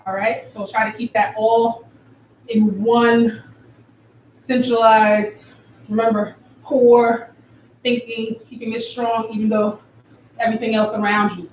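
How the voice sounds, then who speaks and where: A woman teaching a live dance class, counting rhythms out loud with vocal syllables like ba and da, and explaining arm and foot movements. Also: on the high side, little pitch movement, slow. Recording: echoey room from far off, faint noise.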